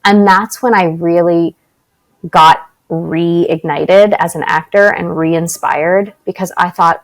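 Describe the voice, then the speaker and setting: A woman's voice: lowish voice, fairly even intonation, takes it slowly, poor audio. A middle-aged woman from Canada, a guest on an interview podcast, telling personal stories with laughter and acted-out quotes. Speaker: podcast guest, actress and spiritual teacher. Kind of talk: casual interview storytelling.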